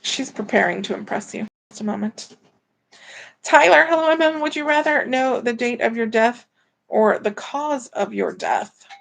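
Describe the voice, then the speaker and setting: A woman with a slightly high voice and plenty of gravelly vocal fry hosts a live stream from home. She rambles casually with lots of fillers and reads out viewer comments as they come in. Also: moderate pace, fairly bright tone. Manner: rambling and chatty, with many fillers. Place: at home, indoors.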